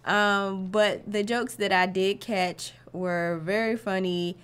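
Woman, reaction co-host, slow easygoing chat. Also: medium pitch, clean tone. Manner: relaxed, easygoing, with fillers. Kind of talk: casual chat.

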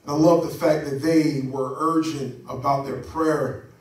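A man's voice: fairly high pitch, fairly even intonation, a little slow. A man preaching a sermon as pastor, fervent and rhythmic, drawing call-and-response from the congregation. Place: church sanctuary. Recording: echoey church sound from a distance.

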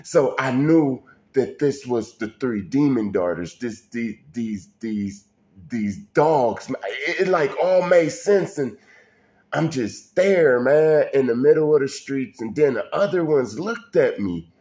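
A man's voice: medium pitch, lively intonation, slow pace, darkish tone. A man telling a personal story in a casual, colloquial way, speaking straight to the listener and often restarting his sentences. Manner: colloquial, addresses listener directly, frequent restarts.

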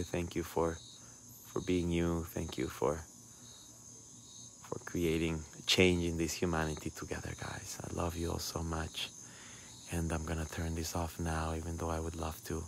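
A man giving a soft, intimate, heartfelt sign-off to his livestream, mixing in words. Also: deep voice, completely flat delivery, moderate pace, vocal fry, a little hiss or hum. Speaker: spiritual livestream host.

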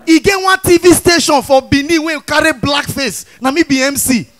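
A Nigerian man performs stand-up in pidgin, his voice sitting very high and bright. He acts out the people in his stories, jumping into shouts and exaggerated voices as he goes. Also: normal speed. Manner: animated storytelling with acted voices and shouts. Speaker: stand-up comedian.

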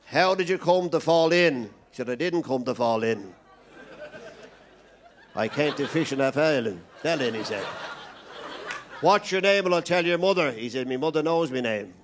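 A man's voice: a little high, a little hiss or hum. An Irish man doing stand-up comedy, telling long jokes and voicing every character in them himself. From Ireland. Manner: rambling joke teller, playing all the characters himself.

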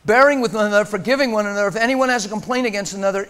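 High-voiced impassioned man preaching. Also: racing. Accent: American. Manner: impassioned, swinging from loud urging to hushed. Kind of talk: sermon. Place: church sanctuary.

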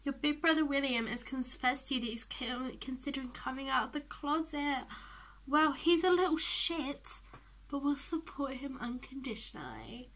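Excitable high-voiced young woman. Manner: chatty, excitable, drops into whispers. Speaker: gaming vlogger. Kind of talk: casual game commentary.

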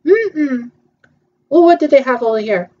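A woman's voice: fairly high pitch, lively intonation, moderate pace, a little mellow, muffled recording. A woman chatting casually through a virtual theme-park tour, hesitant and playful, with frequent ums.

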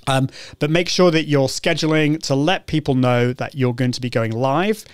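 British male host, chatty and upbeat, smooth clear voice, dry close sound, mid pitch. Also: moderate pace, no echo. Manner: chatty, upbeat, frequent restarts and ums. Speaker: live show host. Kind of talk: casual live-stream tutorial.

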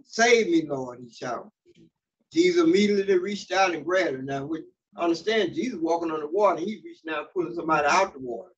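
Higher-pitched preacher reading and explaining scripture. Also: male voice, fast. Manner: reads scripture aloud and stops to comment, with fillers and restarts. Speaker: pastor. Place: church sanctuary. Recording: distant mic, dull sound, faint hiss.

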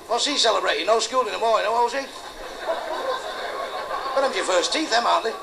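A noisy live club recording captures a male comedian doing blue stand-up, heckling people and cracking crude jokes. His high-pitched voice is creaky, with lively intonation and a fairly quick delivery.

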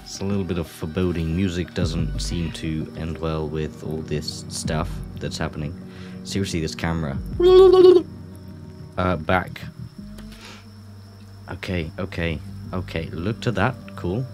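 Guy playing a scary game, slow and low voice, jittery jokes, game music behind. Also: fairly even intonation. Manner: nervous, joking self-talk. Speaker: gaming channel host. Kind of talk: let's-play commentary.

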